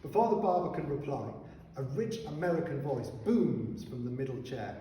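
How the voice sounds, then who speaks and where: A man narrating a children's story in an expressive, animated reading style. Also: mid-range voice, moderate pace, far from the mic. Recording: echoey hall, voice heard from afar, faint noise.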